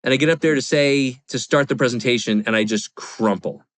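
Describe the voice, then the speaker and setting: With a mid-range voice and slightly fast delivery, a forties-aged real estate investor opens up on a podcast about something personal. He meanders confessionally, leaning heavily on filler words, and there's no room sound.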